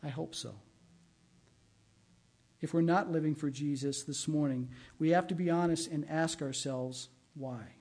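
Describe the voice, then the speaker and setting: A man's voice: on the high side, steady tone, measured pace, a little mellow. A middle-aged man, a pastor, giving a sermon in a conversational way and weaving in personal stories. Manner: conversational preaching with personal anecdotes.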